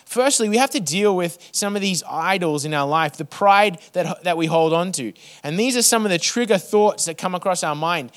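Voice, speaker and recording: A man preaching a sermon to his church, building rhythmic lists and then dropping to a soft hush. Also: sits high, animated, normal speed, few pauses, clear, resonant tone. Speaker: pastor.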